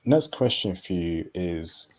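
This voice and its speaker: Deep-voiced blunt male interviewer. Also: animated, slow pace, darkish tone. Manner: blunt, matter-of-fact, calls guest bro. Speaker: interview host. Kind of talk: casual interview questions.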